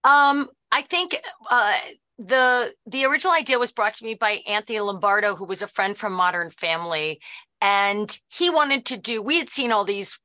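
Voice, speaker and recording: A middle-aged woman being interviewed, an actress and producer chatting casually and animatedly, jumping into quoted voices. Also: moderate pace. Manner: animated, lively, jumps into high quoted voices.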